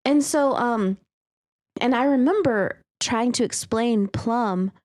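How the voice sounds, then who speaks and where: A woman's voice: a little high, slow pace, darkish tone. Chatty woman co-hosting a podcast. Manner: chatty, searches for words, uses many fillers. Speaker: podcast co-host. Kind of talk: casual chat about reader stories.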